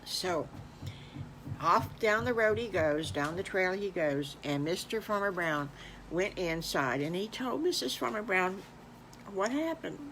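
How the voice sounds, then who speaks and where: An older woman telling an improvised story to children, speaking in a halting, homey way. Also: lowish voice, expressive, a bit bright, a little hiss or hum. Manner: halting, with fillers and restarts, homey.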